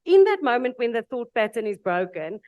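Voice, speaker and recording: A South African woman with an Afrikaans accent speaks earnestly and with animation before an audience at a panel event, giving a reflective speech at a dialogue event. Her voice is a little high and a little mellow, with big pitch swings and a slightly fast pace. There is no room sound.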